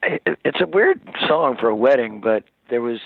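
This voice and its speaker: A man, a rock singer as interview guest, telling stories in a rambling, animated way with many restarts, over the phone. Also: mid-range voice, moderate pace, gravelly, dry recording. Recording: tinny dry phone line.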